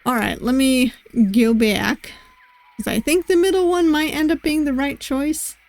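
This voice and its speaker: A woman's voice: high voice, a little slow, dry recording. A woman streamer reading a visual novel aloud with chatty, amused asides to her viewers, on a close mic. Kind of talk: let's-play commentary and reading aloud.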